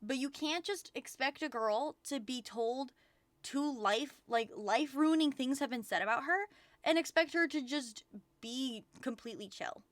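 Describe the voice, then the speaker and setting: A woman's voice: high-pitched, unhurried, no room sound. A young woman streaming from home, venting and rambling with lots of profanity in casual chat.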